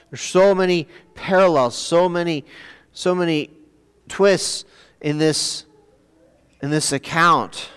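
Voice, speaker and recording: Halting preacher in an echoing church. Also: male voice, a little high, a bit bright, clean tone. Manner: halting, repeats words while searching for phrasing. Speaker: pastor. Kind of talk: sermon. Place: church sanctuary. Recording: long church reverb.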